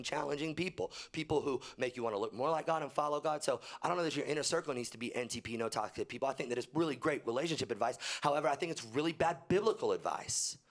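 An energetic young preacher addresses his church from the auditorium. He keeps shifting between loud, high bursts of emphasis and hushed, low tones as he quotes.

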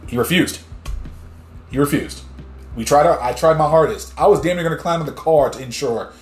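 A man's voice: fairly high pitch, fast talker. A man hosting a podcast, ranting heatedly about the news in blunt, short, swearing sentences. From New Jersey. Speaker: podcast host. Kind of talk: casual news commentary. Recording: echoey room with faint music.

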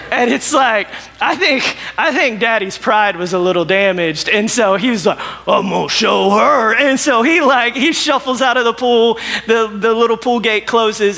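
A man preaching a sermon, telling a story in a folksy, animated way with many repeated words. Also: sits high.

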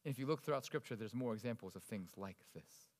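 A man preaching a sermon in an expressive, conversational way, swinging between loud emphasis and quiet asides. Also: medium pitch, a little fast. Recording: long reverb of a large hall.

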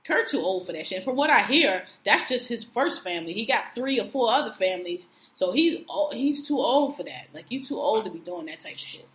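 A woman's voice: mid-range voice, big pitch swings, brisk, few pauses, a bit bright, echoey room. A woman co-hosting a podcast, chatting casually and profanely about a reality show, acting out quotes with laughter. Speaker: podcast co-host.

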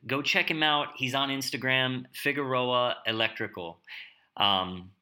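Bright-voiced male podcast host. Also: medium pitch, a little slow. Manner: reflective, conversational, with fillers. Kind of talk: casual podcast interview and outro.

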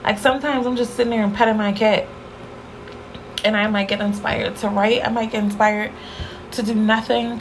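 A young adult woman hosting a casual solo podcast, talking candidly in slang, laughing often and jumping up in pitch for emphasis. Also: fairly even intonation, normal speed, slight background noise, low-quality recording. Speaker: podcast host.

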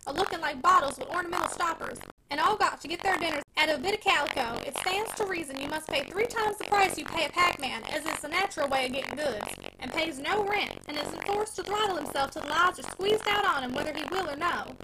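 A woman voicing a cheeky country packman who flatters in rustic dialect. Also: high voice, quick pace, creaky, few pauses, background noise, heavily acted. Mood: flattering. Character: sly flattering rural packman, cheeky young man.

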